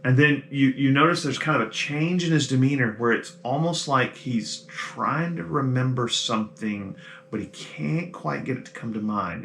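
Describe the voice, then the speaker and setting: A man narrating as game master of a tabletop game, in a loose, halting way with frequent fillers and restarts. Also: medium pitch, gravelly, a bit bright, a little hiss or hum. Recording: echoey room.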